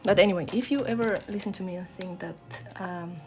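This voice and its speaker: A woman with a mixed non-native English accent, chatting casually with viewers on a live stream and slipping into soft whispered asides. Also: medium pitch, normal speed, faint music behind. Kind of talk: casual live-stream chat while coloring.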